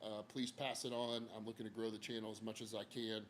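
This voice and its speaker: A man's voice: lowish voice, level tone, brisk, slight background noise. A man livestreaming from an outdoor porch, talking casually and frankly with lots of fillers and some mild cursing. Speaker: therapist hosting a livestream. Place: outdoor porch, hot, under a fan.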